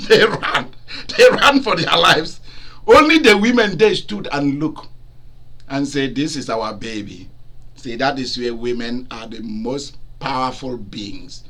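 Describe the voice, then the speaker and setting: A man preaching a lively sermon, acting out cries and quotes and laughing often. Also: mid-range voice, slow, pauses often. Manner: animated, laughing, acts out cries and dialogue.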